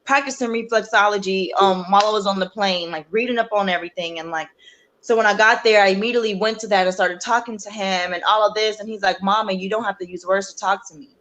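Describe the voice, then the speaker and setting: A young adult woman, a guest on a talk show, earnestly telling a personal story in a halting way, with many fillers and restarts. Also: mid-range voice, steady tone, fairly bright tone. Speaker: guest sharing her story.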